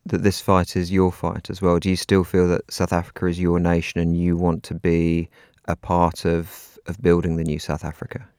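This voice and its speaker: A man's voice: low voice, completely flat delivery, moderate pace, a little mellow, no room sound, studio quality. A man interviewing a guest, asking probing, conversational questions.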